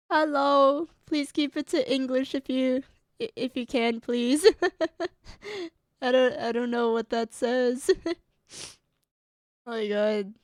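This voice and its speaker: A woman's voice: high-pitched, slow, pauses often, no room sound, clean studio sound. A woman streamer chatting on a livestream, choked up and tearful, giggling between her phrases. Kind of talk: casual livestream chat.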